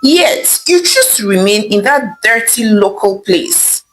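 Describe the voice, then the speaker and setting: A woman's voice: mid-range voice, lively intonation, slow pace, fairly bright tone, soft background music, low-quality recording. A woman voicing a scornful young lawyer daughter, who mocks and dismisses what she hears. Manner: mocking, dismissive, laughing.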